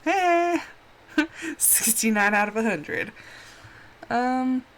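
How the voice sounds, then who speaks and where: A woman's voice: fairly high pitch, lively intonation, very slow, fairly bright tone, a little hiss or hum. A woman game streamer chatting casually and openly with her viewers, heartfelt and reassuring as she talks to them. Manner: reassuring, speaks directly to viewers. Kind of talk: casual live-stream chat.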